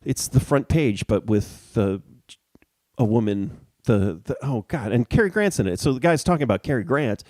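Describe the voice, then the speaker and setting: A man's voice: mid-range voice, expressive, moderate pace, darkish tone, no room sound. A man co-hosting a podcast in casual chat, rambling and restarting as he searches for words. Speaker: podcast co-host.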